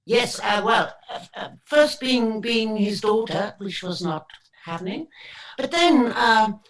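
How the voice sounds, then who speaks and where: A woman's voice: on the high side, takes it slowly. German-accented older woman, distant and roomy. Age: 70s. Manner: animated, rambling with many restarts. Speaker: actress guest. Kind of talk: casual anecdotal storytelling.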